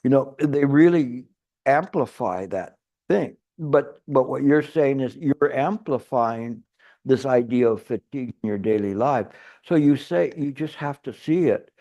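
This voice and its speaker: A male Chan teacher gives a loose, wandering dharma talk at a retreat, often restarting his sentences and mixing in playful everyday examples. His voice is soft and mellow, and the recording sounds a little dull and lo-fi. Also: mid-range voice, unhurried. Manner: rambling, self-interrupting, playful examples. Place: retreat hall.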